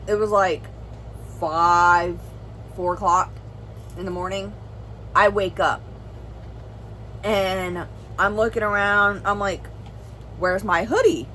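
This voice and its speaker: A woman's voice: medium pitch, bright, forceful tone, a little hiss or hum, poor audio. A young woman vlogger telling a serious personal story in an earnest, rambling way, full of "like" and "well". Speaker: family vlogger.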